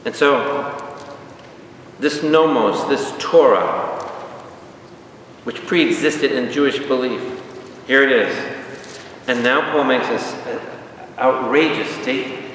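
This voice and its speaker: A man teaching a Bible study as a priest, lively and questioning the audience, acting out little dialogues. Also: medium pitch, slow, long pauses. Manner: animated, asks the audience questions and acts out dialogues. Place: large hall with an audience. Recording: echoey hall, far from the mic, faint room noise.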